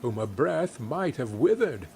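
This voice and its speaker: Man doing a solemn ghost, quiet, measured, grave, slow, storybook. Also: medium pitch, very animated, creaky, slight background noise. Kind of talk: reading aloud a classic story.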